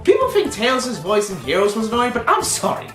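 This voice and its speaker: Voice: mid-range voice, wildly swooping pitch, brisk, fairly bright tone, faint music behind. A video reviewer giving casual, opinionated, sarcastic commentary.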